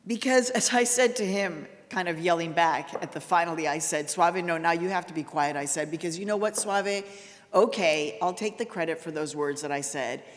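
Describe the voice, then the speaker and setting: A woman's voice: on the low side, moderate pace. A woman giving a public lecture, telling a story in an earnest way and raising her voice for emphasis. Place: large lecture hall. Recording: long hall reverb.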